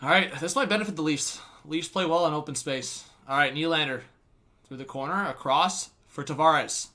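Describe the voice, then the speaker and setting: A young man calling a hockey game play by play from a live stream, laughing often and shouting when the action heats up. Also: on the high side, a little fast. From Canada. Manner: laughs often, bursts into loud excited shouts on big plays. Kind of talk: live fan play-by-play commentary.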